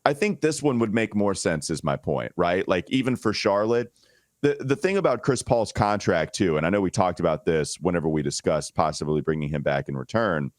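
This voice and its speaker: A man's voice: low-pitched, no echo, clean studio sound. A man hosting a sports podcast, talking casually and thinking aloud with frequent restarts. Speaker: podcast host.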